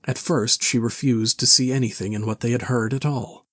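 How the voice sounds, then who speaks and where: A man reading a classic novel aloud with measured, even storytelling. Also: medium pitch, no echo, studio quality. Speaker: narrator. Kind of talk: scripted narration of a classic novel.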